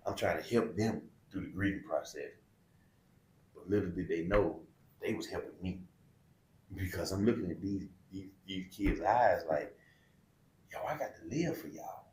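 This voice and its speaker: Candid low-voiced man, roomy sound. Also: a little mellow, slight background noise. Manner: candid, colloquial, emotional. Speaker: podcast guest. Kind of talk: heartfelt personal storytelling. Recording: roomy echo.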